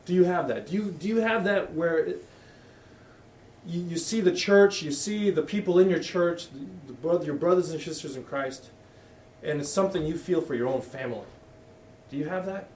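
This middle-aged pastor has a fairly high, slightly mellow voice and talks at normal speed. Preaching in a church hall, he is candid and conversational, repeatedly restarting sentences, and the echoey room places him at a distance with slight background noise.

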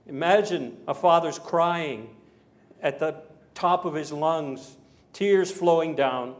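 A man preaching a sermon, telling a story dramatically and moving between emphatic passages and hushed ones. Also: fairly high pitch, takes it slowly. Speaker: pastor.

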